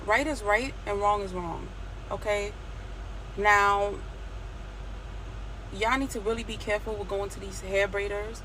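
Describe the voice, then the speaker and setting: A woman's voice: mid-range voice, unhurried, long pauses. Blunt, profane woman ranting, noisy recording. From Nigeria. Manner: blunt, profane, animated retelling with quoted dialogue. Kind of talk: storytime rant video.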